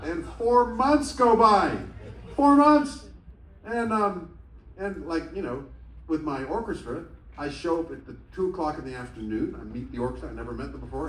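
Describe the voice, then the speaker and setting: A man telling stories to a theatre audience in an animated, comic and profane manner. He is heard through the speakers and recorded by a phone in the crowd. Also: fairly high pitch, moderate pace, roomy sound, distant mic, slight background noise, low-quality recording. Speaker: stage storyteller. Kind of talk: solo speaking show. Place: large theatre. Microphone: stage PA, taped on a phone in the audience. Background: faint audience ambience.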